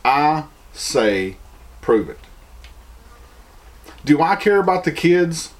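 Slow yet very animated, a man with a slightly high voice and a Southern American accent delivers an opinion monologue. He piles on rhetorical questions and mocking imitations.

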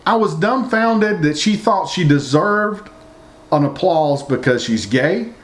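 A man's voice: high-pitched, animated, slow pace. A man ranting indignantly to his viewers, repeating himself and rambling as he goes. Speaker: vlogger. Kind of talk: opinion rant to viewers.

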